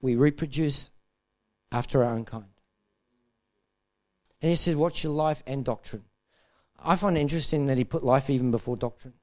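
A man's voice: medium pitch, normal speed, long pauses, a little mellow. A man preaching a sermon to leaders at a dinner, impassioned and repeating his key phrases, building to urgent emphasis. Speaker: pastor. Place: dinner event hall.

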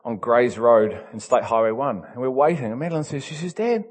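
Animated New preacher man. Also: mid-range voice, fairly quick, in a large hall. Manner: animated, emphatic, swings from loud to soft. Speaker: pastor. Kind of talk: storytelling sermon.

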